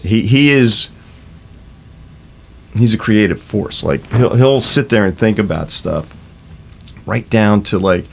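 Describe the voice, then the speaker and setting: A man's voice: lowish voice, slow, creaky, pauses often, slight background noise. A man in his fifties, a rock musician, telling studio stories in a casual interview, swearing freely and acting out what people said. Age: 50s. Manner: swears freely, acts out quoted exchanges.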